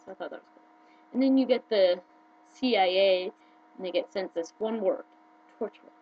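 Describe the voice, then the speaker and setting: A woman chatting casually to her viewers as a video blogger, excitable, her pitch jumping up when she gets worked up. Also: moderate pace, dull audio. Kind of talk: casual fan chat to camera.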